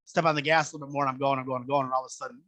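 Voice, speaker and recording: A man from Southern Illinois, animated, acting out the voices in his story as a guest. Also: mid-range voice, very fast, no echo. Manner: animated, acts out voices in anecdotes. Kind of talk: casual storytelling.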